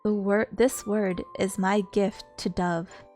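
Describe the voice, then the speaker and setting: Slow, earnest woman streamer reading aloud. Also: medium pitch, level tone, darkish tone, soft background music.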